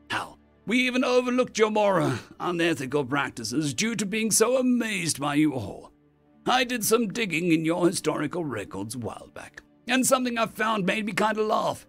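A man playing a ruthless human fleet admiral who speaks with cold menace and raises his voice to shouting. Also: high voice, very animated, moderate pace, gravelly, soft background music, voice pushed up, exaggerated voice. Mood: commanding.

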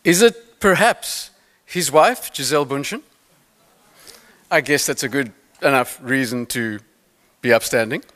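A man's voice: mid-range voice, unhurried, long pauses. A man giving a keynote talk on mental toughness, telling stories with playful asides to the audience. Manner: animated storytelling with playful asides. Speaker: motivational speaker.

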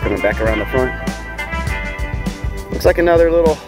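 Talking briskly with lively intonation over loud music, a medium-pitched man hosts a fishing vlog. He films handheld from a small boat at sea, offering chatty, self-deprecating commentary on the spot.

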